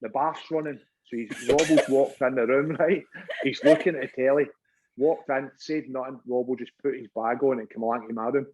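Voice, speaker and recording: A Scottish man, a former goalkeeper, chatting as a podcast guest and telling stories in an animated way, laughing and swearing freely. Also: mid-range voice, a little fast, rough recording. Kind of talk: casual chat.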